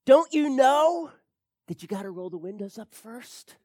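A man voicing a father who questions his son in a teasing, drawn-out way within a sermon story. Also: very high-pitched, very animated, a little mellow, no room sound, clean studio sound, full character voice. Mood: amused.

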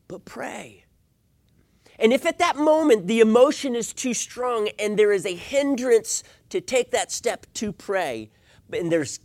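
A middle-aged pastor with a voice on the high side preaches a sermon. He swings from hushed asides to loud, emphatic points and poses rhetorical questions.

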